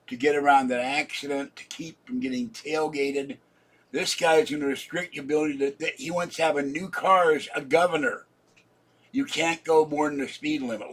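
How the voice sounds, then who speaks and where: Sleepy, husky man in his seventies. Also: mid-range voice. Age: 70s. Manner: rambling, drowsy, yawning. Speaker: channel host. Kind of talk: casual live-stream chat.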